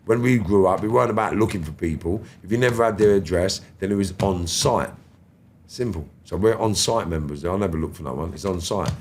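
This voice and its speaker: A London man in his fifties, a podcast guest telling stories in animated, slangy street talk and swearing freely. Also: deep voice, fairly quick, a little hiss or hum. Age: 50s. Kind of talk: storytelling interview.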